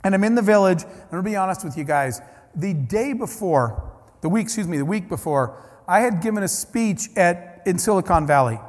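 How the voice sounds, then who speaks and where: High-voiced man telling stories in a hall. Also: normal speed. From Ohio, United States. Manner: animated storyteller acting out dialogue. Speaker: keynote speaker. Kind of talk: storytelling keynote speech. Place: large conference hall. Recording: long hall reverb.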